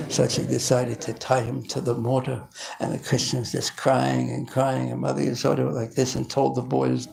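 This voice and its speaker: A male preacher telling devotional stories in a lively sermon, often stopping and restarting his sentences. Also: mid-range voice, moderate pace, gravelly, low-quality recording. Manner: animated, with frequent restarts.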